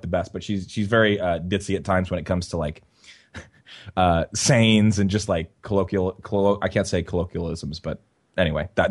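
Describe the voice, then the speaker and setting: A man co-hosting a podcast, chatting casually and telling a rambling story full of fillers and restarts. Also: sits low. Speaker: podcast co-host. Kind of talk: casual chat.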